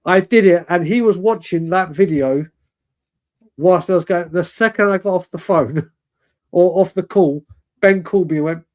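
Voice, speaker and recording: High-voiced man in his forties. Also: normal speed. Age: 40s. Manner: rambling, animated, self-correcting. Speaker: fan show guest. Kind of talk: casual storytelling chat.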